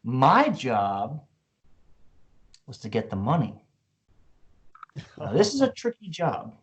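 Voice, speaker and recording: A man's voice: medium pitch, slow pace. Forties guy on a podcast, swears a lot, says "like" constantly, voice all over the place. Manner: animated, profane, lots of "like" and "you know". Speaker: guest musician. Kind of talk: casual storytelling chat.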